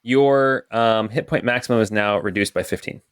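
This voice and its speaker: A man narrating as dungeon master in a calm, methodical way, filling pauses with "okay" and "um.". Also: on the low side, clean tone, dry recording, clean studio sound. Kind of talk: narrating a tabletop game.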